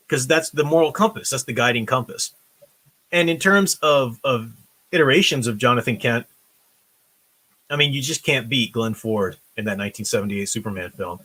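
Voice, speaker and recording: A man's voice: medium pitch, a little fast, bright, forceful tone. Earnest rambling man. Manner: rambling and earnest, with many restarts and fillers. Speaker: host. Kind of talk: casual commentary on film and TV.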